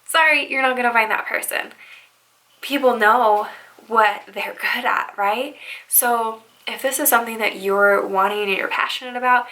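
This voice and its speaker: A woman's voice: fairly high pitch, moderate pace, bright, forceful tone, poor audio. A young woman who works as a bridal stylist, giving upbeat, chatty motivational advice and often checking in with "right?". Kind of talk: motivational vlog talk.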